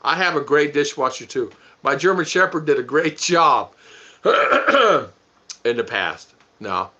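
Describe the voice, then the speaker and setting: A man's voice: a little high, sing-song, slow pace, bright, forceful tone. A middle-aged man hosting a casual live stream, chuckling and rambling as he reads comments and thanks viewers by name. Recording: dull lo-fi stream audio.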